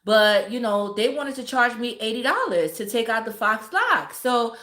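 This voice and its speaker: A woman's voice: on the high side, moderate pace, reverberant. A woman casually telling a story to her live viewers, swearing freely and laughing as she goes. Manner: profane, laughing, animated storytelling. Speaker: streamer.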